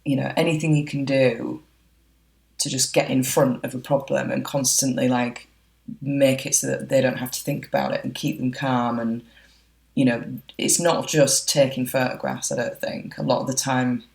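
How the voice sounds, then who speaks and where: A woman's voice: very deep voice, flat delivery, normal speed, vocal fry, a little mellow, poor audio. A woman, a wedding photographer being interviewed, talking in a chatty, reflective way with frequent fillers. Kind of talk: casual interview chat.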